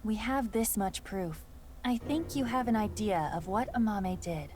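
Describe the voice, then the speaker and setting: A woman voicing a calm AI partner. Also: mid-range voice, measured pace, background noise, close to an everyday voice. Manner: calm, matter-of-fact. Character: calm analytical female AI partner. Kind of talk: video game voice acting.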